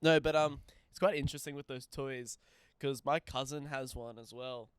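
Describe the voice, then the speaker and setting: A young man chatting on a podcast, reacting quickly with laughs and swearing. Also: mid-range voice, fairly even intonation, clean tone, dry recording. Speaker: podcast co-host. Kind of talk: casual chat.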